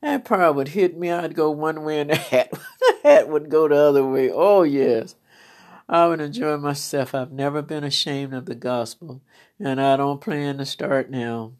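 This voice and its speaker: A woman's voice: sits low, normal speed, darkish tone. A woman minister telling stories from church life in a fervent, storytelling testimony, exclaiming praise now and then.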